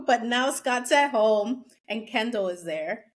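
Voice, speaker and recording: A woman co-hosting a casual podcast, recapping a reality show and acting out quotes in lively voices. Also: on the high side, breathy edge. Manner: chatty, acts out quotes in animated voices. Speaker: podcast co-host.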